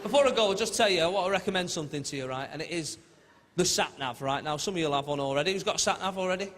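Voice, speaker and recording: A man's voice: high-pitched, rapid-fire, noisy background. A man doing a stand-up comedy routine, chatty storytelling with mimicked voices, recorded live in a large theatre. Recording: live theatre with long reverb and loud crowd. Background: loud audience laughter.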